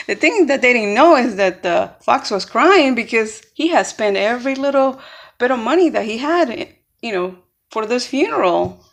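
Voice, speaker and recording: A woman's voice: a little high, expressive, moderate pace. A woman telling a fable in casual, rambling talk with many fillers. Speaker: storyteller. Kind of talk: casual spoken storytelling.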